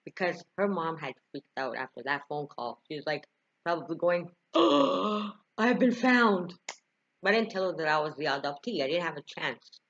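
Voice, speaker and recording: A young woman speaks to her camera in a lowish voice, telling a deeply personal story with feeling. The recording is dull and lo-fi, like a simple home setup. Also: fairly quick. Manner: emotional, tearful at times, frequent laughs and sighs. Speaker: vlogger.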